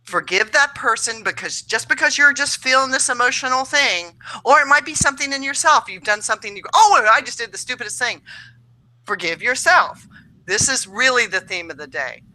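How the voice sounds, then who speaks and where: A woman's voice: fairly high pitch, animated, brisk, bright, forceful tone, rough recording. A woman co-hosting a casual astrology show, reading tarot cards in a chatty, upbeat way with lots of fillers. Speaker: tarot reader co-host.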